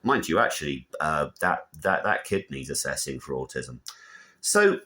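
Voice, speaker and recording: A man's voice: very deep voice, big pitch swings, normal speed, bright, forceful tone. A man delivering a blunt, opinionated monologue that wanders from point to point. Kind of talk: casual rambling monologue.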